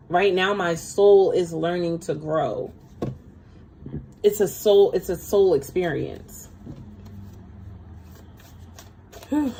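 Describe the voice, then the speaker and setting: A woman's voice: fairly low pitch, darkish tone, a little hiss or hum, poor audio. A woman giving a casual livestream tarot reading, chatty and speaking straight to her viewers. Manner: chatty, talks straight to viewers, calls them girl. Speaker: tarot reader.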